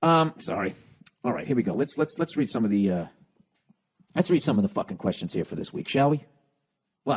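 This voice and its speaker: A man's voice: on the low side, husky. A man hosting a comedy podcast, riffing in a profane, rambling rant. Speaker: podcast host.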